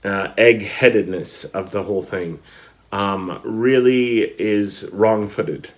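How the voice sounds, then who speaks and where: Man, low voice; chatty literature vlogger, hesitant then keen. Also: slow. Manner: hesitant, many fillers, enthusiastic emphasis. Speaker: book vlogger. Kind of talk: casual talk about literature, reading passages aloud.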